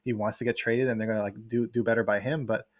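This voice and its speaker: A man, a guest sports writer, talking in a casual livestream chat, quick and rambling with many fillers. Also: on the low side, fairly even intonation, no echo, dull audio.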